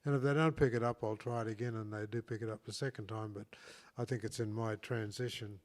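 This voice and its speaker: A man's voice: fairly low pitch, fairly even intonation, fast. Man, talk show host, reflective storyteller, rambling delivery, frequent restarts. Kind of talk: casual storytelling conversation.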